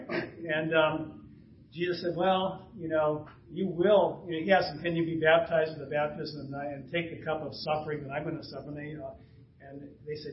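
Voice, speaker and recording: A man's voice: on the high side, little pitch movement, normal speed, slight background noise. A man in his fifties, a pastor preaching a conversational sermon, chuckling and acting out bits of dialogue. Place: church sanctuary. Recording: roomy, distant, dull church recording.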